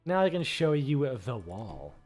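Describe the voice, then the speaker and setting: A man's voice: mid-range voice, wildly swooping pitch, measured pace, a little mellow, faint music behind. A man chatting casually with his stream viewers, rambling, full of fillers and swearing freely.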